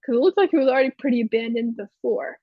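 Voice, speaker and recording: A woman's voice: on the high side, rapid-fire, no room sound, lo-fi sound. A woman co-hosting a podcast, recapping a TV episode in a rambling, chatty way full of fillers. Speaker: podcast co-host. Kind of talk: casual chat recapping a TV episode.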